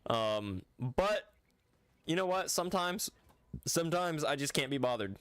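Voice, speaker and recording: A man's voice: fairly high pitch, expressive, unhurried, a bit bright, no room sound. A man streaming a game, chatting casually and rambling to viewers with lots of "like" and "bro". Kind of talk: casual livestream chat.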